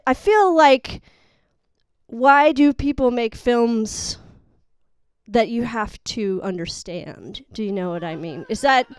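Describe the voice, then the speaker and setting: A young woman doing a stand-up set, her voice high and smooth, recorded close and dry. She rambles and mocks herself in an exasperated way. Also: lively intonation, slow pace, no room sound. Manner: rambling, exasperated, self-mocking. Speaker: stand-up comic. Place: live studio audience.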